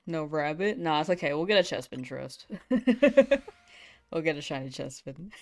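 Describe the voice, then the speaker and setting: A woman's voice: low voice, animated, a little slow, darkish tone, faint music behind. A young woman from the United States chatting casually with viewers on a live game stream, giggling often between remarks.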